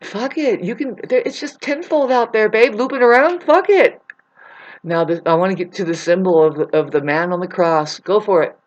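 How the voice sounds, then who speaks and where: A man's voice: high voice, normal speed, muffled recording. Guy ranting to his channel, swears a ton, rambles all over. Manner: rambling, swears a lot, jumps between topics, restarts. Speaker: vlogger. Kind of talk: rambling profane vlog rant.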